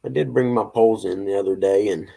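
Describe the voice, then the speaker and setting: Hosting a casual morning stream, this fifty-something man chats easily with viewers, reads out their messages and laughs a lot. He speaks fast in a fairly low, creaky, mellow voice.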